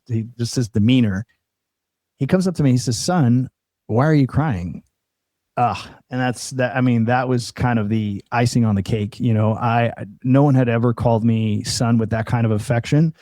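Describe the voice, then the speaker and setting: A man's voice: mid-range voice, warm tone, no room sound. A man from Colombia, a podcast guest, earnestly telling his personal story and quoting others along the way. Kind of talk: personal testimony in casual conversation.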